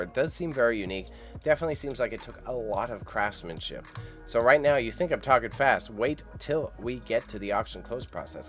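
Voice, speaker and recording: Young male live-stream host, loose and chatty, faint music underneath. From Canada. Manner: chatty, swearing, laughing often, pitch jumps when excited. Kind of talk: casual live-stream chat.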